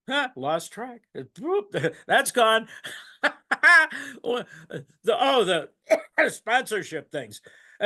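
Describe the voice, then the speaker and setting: A man's voice: a little high, bright, forceful tone. An older man giving a rambling, emotional personal testimony at a recovery meeting, laughing and choking up as he goes. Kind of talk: personal testimony, casual storytelling.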